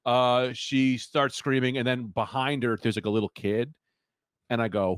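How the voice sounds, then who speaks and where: A man co-hosting a comedy podcast, telling a rambling, deadpan story with quoted voices. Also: mid-range voice, brisk, no echo, studio quality. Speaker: podcast co-host.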